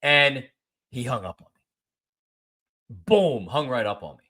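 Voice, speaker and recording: A podcast host in his forties tells a story in a casual monologue, speaking slowly in a mid-range voice. He's animated, repeating himself as he plays both sides of a conversation.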